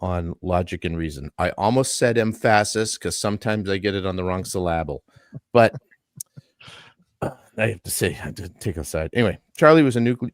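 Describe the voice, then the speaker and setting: A man's voice: low-pitched, no room sound, studio quality. A man hosting a live-stream talk show, reading a statement aloud in an earnest way and adding his own asides. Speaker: podcast host.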